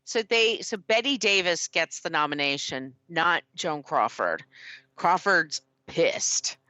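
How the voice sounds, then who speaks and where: A woman's voice: lowish voice, animated, takes it slowly, pushed and bright, dry recording. A woman co-hosting a podcast, telling stories about an old movie in casual, enthusiastic chat with some swearing. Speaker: podcast co-host.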